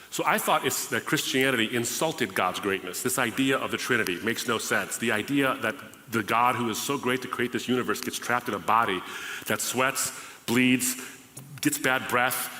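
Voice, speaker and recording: A man's voice: fairly low pitch, sharp tone. A man from the United States, hosting his podcast and telling his personal testimony in a conversational way, acting out past conversations. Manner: conversational, re-enacts past dialogues. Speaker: podcast host. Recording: reverberant hall.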